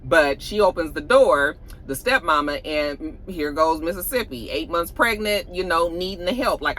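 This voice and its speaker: A woman recaps a TV episode in a loose, chatty way, with a bright, forceful voice. She tells it like a story and acts out what the characters say. Her asides are blunt and salty. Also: fairly low pitch, normal speed, hardly any pauses, poor audio. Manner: animated storyteller who acts out the characters' lines. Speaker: TV episode reviewer. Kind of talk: casual recap and commentary.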